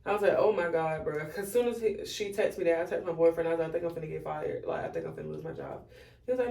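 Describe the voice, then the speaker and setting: A woman's voice: fairly low pitch, big pitch swings, fast talker. Chatty woman vlogging candidly. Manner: chatty, candid and profane, talking straight to viewers. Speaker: beauty vlogger. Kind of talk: casual chit-chat while styling a wig. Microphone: phone camera.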